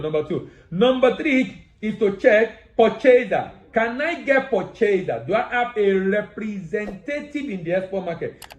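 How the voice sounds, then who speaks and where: A man's voice: high-pitched, echoey room, poor audio. A man hosting a business lesson, talking straight to his viewers, working through a numbered checklist and repeating his key phrases for emphasis. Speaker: export business educator, show host. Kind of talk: instructional talk to camera.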